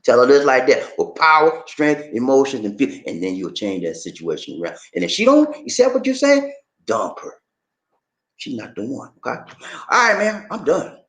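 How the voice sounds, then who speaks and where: A man giving casual relationship advice on a vlog, emphatic and preachy, calling the listener "man" and "baby". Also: normal speed. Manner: animated, swoops up high for emphasis. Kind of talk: casual motivational advice talk. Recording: echoey room.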